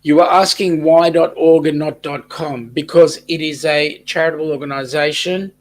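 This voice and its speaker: A man's voice: on the high side, steady tone, normal speed, poor audio. An Australian man hosting a casual livestream chat, reading out viewer comments and answering them. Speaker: host of a weekly cruise chat livestream.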